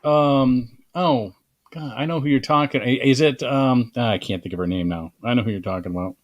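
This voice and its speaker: A man's voice: mid-range voice, normal speed, no echo, dull audio. A male host chatting casually, backing up his guest and steering the conversation. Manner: eager, affirming, steers the talk. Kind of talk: casual chat.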